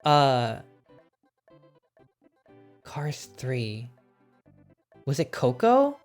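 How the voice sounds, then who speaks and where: A woman streaming casually, ranking films with excited, swear-filled chat and frequent laughter. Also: extremely low pitch, drawn-out words, soft background music.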